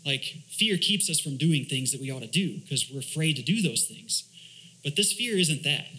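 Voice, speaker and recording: A young man preaching in a relaxed, conversational way, with a bright, forceful tone set a little high. He often pauses on fillers and restarts his sentences as he teaches a church group. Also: poor audio. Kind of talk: casual conversational sermon.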